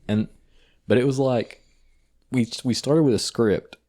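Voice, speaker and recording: A young man with an Eastern Kentucky accent, co-hosting a podcast and telling stories in a casual, profane, animated way. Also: medium pitch, measured pace. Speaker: podcast co-host. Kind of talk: casual chat.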